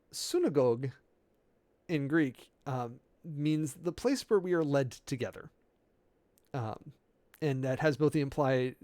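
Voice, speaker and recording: A man preparing a sermon in a loose, halting way, working through Greek words with many fillers and self-corrections, amused by the details. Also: medium pitch, a little mellow. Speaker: preacher.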